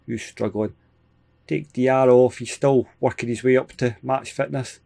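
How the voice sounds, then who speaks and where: A Scottish man hosting a gaming video, giving casual, excitable play-by-play with frequent chuckles. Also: mid-range voice, normal speed, gravelly. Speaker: gaming channel host. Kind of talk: casual let's-play commentary.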